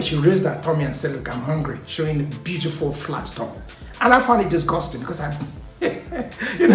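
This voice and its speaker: A man casually recounting a personal story for his vlog, animated and quick to laugh, often trailing off mid-thought. His voice rings in an echoey room, with soft music playing faintly behind him. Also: a little high.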